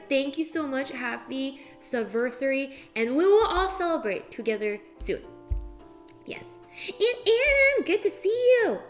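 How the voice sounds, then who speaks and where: A young woman talks her way through cooking at home for her stream, rambling and chatty with plenty of "like" along the way. Her voice sits a little high, and soft music plays faintly underneath. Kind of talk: casual chat while cooking.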